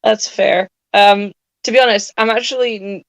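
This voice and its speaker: A woman's voice: medium pitch, steady tone, moderate pace, creaky, no room sound. A woman in her late twenties co-hosting a casual chat, sleep-deprived, rambling and laughing often. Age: late 20s. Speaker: podcast co-host.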